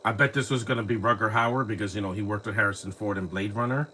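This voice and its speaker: A fairly low-voiced man talks loosely over a movie, circling back on his words and filling gaps with fillers. He records on a phone at home, with a faint hiss underneath. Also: fairly even intonation, fast talker, bright, forceful tone. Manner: rambling, frequent restarts and fillers. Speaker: live movie commentary host. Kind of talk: casual rambling commentary. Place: home, lives near trees.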